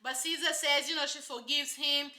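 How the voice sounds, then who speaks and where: A woman's voice: high-pitched, steady tone, moderate pace, pushed and bright, roomy sound. A woman giving casual, sassy commentary on a reality show, emphatic and full of rhetorical asides.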